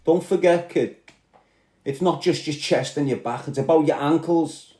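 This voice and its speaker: A man's voice: fairly high pitch, moderate pace, dark tone, roomy sound. A man with a Scouse accent, ranting aggressively and swearing as he answers commenters on a live stream. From Liverpool.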